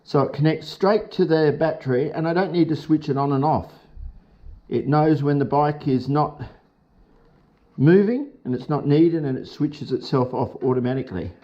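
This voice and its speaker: A man's voice: on the high side, normal speed, lo-fi sound. Chatty man talking through a motorcycle fix. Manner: chatty, upbeat, talks through each step. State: has hiccups. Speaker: motorcycle vlogger. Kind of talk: casual how-to talk.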